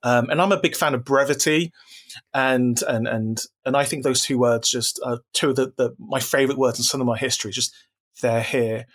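A man's voice: mid-range voice, steady tone, brisk, fairly bright tone. A man talking as a podcast guest in casual chat, enthusiastic and rambling, with lots of restarts and repeated words. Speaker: podcast guest, horror writer and producer.

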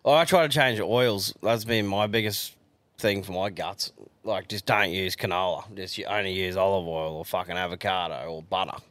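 A man's voice: deep voice, steady tone, moderate pace, fairly bright tone, no echo. An Australian man co-hosting a podcast, easygoing and profane in casual banter. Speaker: podcast co-host.

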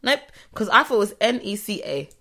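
A woman's voice: mid-range voice, big pitch swings, fairly quick, pushed and bright. A woman co-hosting a podcast, teasing and playful in casual chat. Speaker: podcast co-host.

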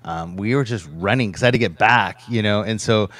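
A man with a lowish, fairly bright voice talks fairly quickly while co-hosting a livestream. He works as a vending operator, and he's tired from a busy day with his voice off tonight. His long, casual story about the day rambles, repeating "he goes" over and over and getting louder to act out quotes.

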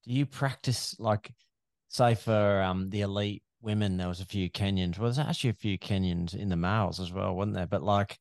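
Deep-voiced relaxed podcast host, dry. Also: male voice, moderate pace, dry recording. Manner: relaxed, brief interjections and questions. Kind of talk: casual interview chat.

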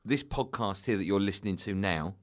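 A man's voice: low voice, brisk. A man hosting a podcast, telling crude joking stories in casual chat. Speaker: podcast host.

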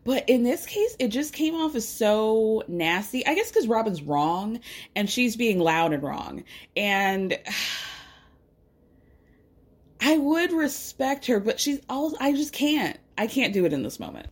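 Opinionated woman with a lively voice. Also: a little high, takes it slowly, slightly rough. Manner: opinionated, animated retelling with frequent laughs and sighs. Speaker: reality TV recapper. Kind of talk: casual episode recap.

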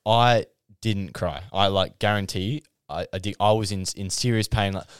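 A young man with a very low voice, talking through a casual podcast chat in restless, animated bursts. He keeps restarting his sentences and fills them with "like". The sound is dry and close. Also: moderate pace, clear, resonant tone, dry recording. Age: young adult. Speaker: podcast co-host.

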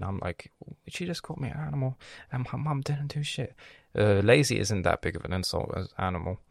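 A young man hosting a podcast, telling a story in an animated, sweary, self-mocking way. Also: medium pitch, gravelly, no echo, clean studio sound. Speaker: podcast host. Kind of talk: casual storytelling monologue.

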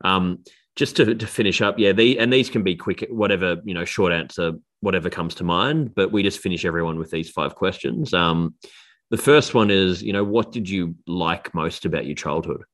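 A man with a very low voice hosts a podcast in relaxed, casual conversation. He keeps it friendly and loose with his guest. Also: moderate pace. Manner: relaxed, friendly, says "mate". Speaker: podcast host. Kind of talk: casual interview chat.

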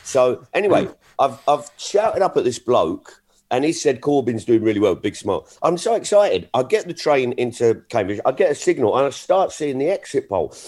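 A man's voice: mid-range voice, moderate pace. A middle-aged man, a comedian, telling stories in casual chat and acting out the exchanges he quotes. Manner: animated, frequent restarts, acts out quoted exchanges. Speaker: comedian guest.

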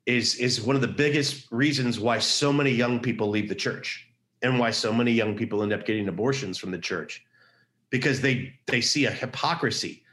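A middle-aged man speaks as a podcast interview guest. His voice sits in an ordinary middle pitch. He tells a personal story earnestly and with emphasis, and he repeats his key phrases for weight. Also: normal speed, fairly bright tone. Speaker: pro-life activist guest.

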